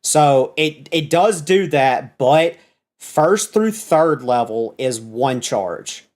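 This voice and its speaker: A man's voice: fairly high pitch, lively intonation, takes it slowly, darkish tone. A man running a tabletop game as dungeon master, explaining item rules at length and correcting himself as he goes.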